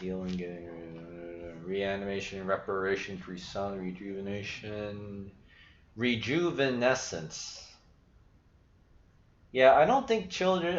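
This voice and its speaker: A man with a low voice that swings widely in pitch, chatting on a livestream. He rambles and thinks aloud, cutting himself off mid-word and dropping casual swears. His audio sounds dull and lo-fi in an echoey room. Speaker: livestream host.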